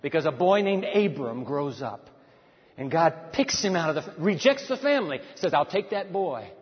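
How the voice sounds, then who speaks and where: A man delivers a sermon in a high, ringing voice, pressing his points with emphatic repetition and rhetorical questions. The recording sounds dull and muffled, with a long reverb trailing behind his words as in a large sanctuary. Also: sing-song, moderate pace. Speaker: preacher.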